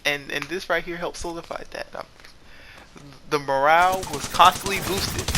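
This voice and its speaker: Male gaming creator, brightish higher voice with a faint hiss behind, exasperated casual rant. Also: fairly even intonation, normal speed. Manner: rambling, self-correcting, exasperated. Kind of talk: casual gameplay commentary.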